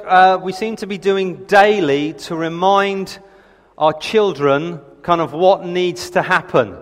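A man in his thirties preaching a sermon, telling family stories in a chatty, self-deprecating way. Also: high voice. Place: church hall. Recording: reverberant hall.

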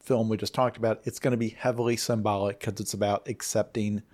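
A man's voice: lowish voice, flat delivery, fairly quick, darkish tone. A man talking casually about movie trailers on a podcast, musing and opinionated, with frequent restarts. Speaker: podcast panelist.

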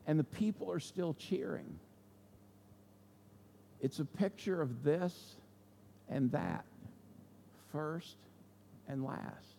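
A man's voice: on the high side, warm tone, slight background noise. A man preaching a sermon, telling a story in a conversational way and checking in with the congregation as he goes. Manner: conversational, asks the audience "okay?" and "right?". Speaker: pastor. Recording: long church hall reverb.

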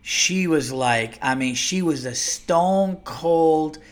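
A man's voice: a little high, takes it slowly. Profane, exasperated man telling a rant. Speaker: podcast host. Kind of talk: comic storytelling rant.

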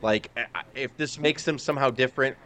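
A man co-hosting a casual wrestling podcast, swearing freely and acting out loud outbursts as he rants. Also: medium pitch, fast. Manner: profane, animated, acts out outbursts. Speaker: podcast co-host. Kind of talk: casual chat.

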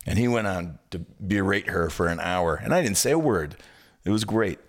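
Low-voiced guy chatting on a podcast, pitch jumps all over, lots of stammering restarts. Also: normal speed. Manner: animated storyteller, swings pitch wide, stammers on restarts. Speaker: podcast co-host. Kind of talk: casual chat.

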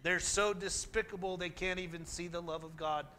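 A pastor preaching a sermon in an earnest, emphatic way, now and then reading scripture aloud with dramatic force. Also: male voice, sits high, fairly even intonation, normal speed, pushed and bright.

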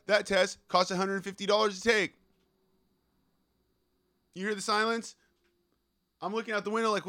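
A man hosting a podcast, ranting in a loose, profane monologue. His voice sits a little high and sounds bright and forceful. He keeps checking in with his listeners as he talks. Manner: profane, animated, keeps asking "right?". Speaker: podcast host.

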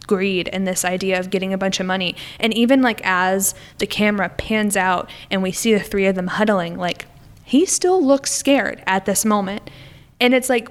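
Chatty woman retelling film scenes. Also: medium pitch. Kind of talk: casual film discussion.

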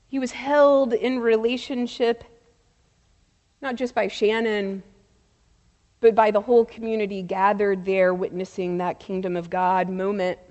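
A woman preaching a sermon, telling a story in a slow, measured way with soft pauses. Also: mid-range voice, level tone. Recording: long reverb of a large hall.

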